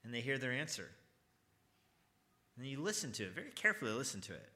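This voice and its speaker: A man's voice: mid-range voice, sing-song, fast, bright, forceful tone. A man teaching an evangelism class at church, talking conversationally, quizzing his students and stressing key points earnestly.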